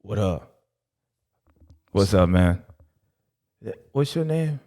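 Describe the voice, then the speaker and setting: A man's voice: fairly low pitch, expressive, extremely slow, warm tone, voice pushed down. A man voicing a broke, lazy male caddy who complains in rambling street slang. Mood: grumbling.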